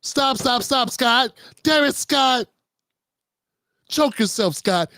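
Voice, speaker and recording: A man's voice: extremely high pitch, animated, slow, pushed and bright, no room sound, clean studio sound, pitched above the performer's own voice, exaggerated voice. A man doing an impression of an exasperated woman news anchor who keeps scolding a panelist by name, over and over.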